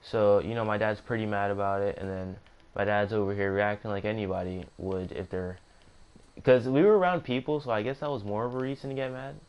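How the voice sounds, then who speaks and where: A man's voice: on the low side, brisk, smooth, dull audio. A young man casually narrating a storytime, rambling with self-corrections and joking asides. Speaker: gaming streamer.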